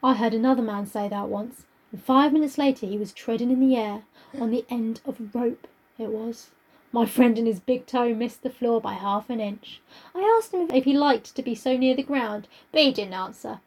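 A woman reading the part of a brutal, bullying male innkeeper in a loud, blustering manner. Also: fairly high pitch, normal speed. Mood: menacing.

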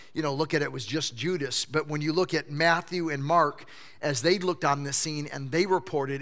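A male pastor preaches with a bright, forceful edge and a voice pitched a little high. His delivery is lively storytelling, and he slips into quoted voices along the way. The sound rings with a long reverb from a church sanctuary. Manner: animated storytelling preacher who acts out quotes. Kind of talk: sermon.

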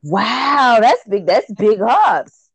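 A woman's voice: fairly high pitch, sing-song, drawn-out words. A woman hosting a podcast in casual chat, upbeat and loose with lots of ums and repeated words. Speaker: podcast host.

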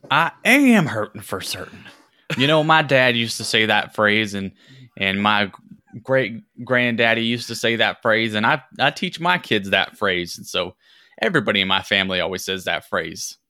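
A man's voice: fairly low pitch, animated, unhurried, bright, forceful tone, no echo, studio quality. A man voicing a fussy, rambling 104-year-old man who guards a temple and talks in old-fashioned phrases.

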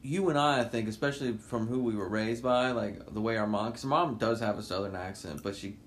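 Goofy, animated man podcast co-host. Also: fairly low pitch, a little fast. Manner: goofy, animated, playful voices. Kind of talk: casual chat.

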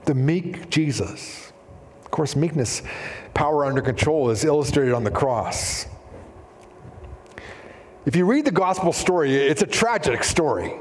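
A man's voice: fairly high pitch, lively intonation, measured pace, pauses often. A middle-aged man preaching a sermon as pastor, telling stories casually with fillers and acting out the voices he quotes. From Canada. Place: church sanctuary. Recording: long hall reverb in a church.

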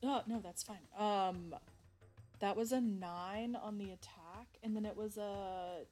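A woman's voice: medium pitch, steady tone, measured pace, a little mellow, soft background music. A woman playing a tabletop game, hesitant and repeating herself as she works out her turn. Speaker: player. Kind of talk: casual tabletop play.

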